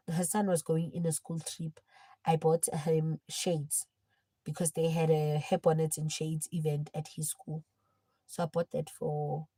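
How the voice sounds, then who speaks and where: A young woman livestreaming, telling a personal story in casual chat and swinging between hushed and loud. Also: deep voice, no room sound, poor audio.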